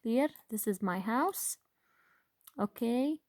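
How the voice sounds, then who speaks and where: A woman guides young children through a phonics lesson at a very slow, patient pace. She fills pauses with "uh" and "um" and keeps asking questions back to the class. The recording is close and dry. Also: fairly high pitch, expressive, a little mellow, no echo. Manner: slow, patient, with frequent fillers and rhetorical questions. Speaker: grade one teacher.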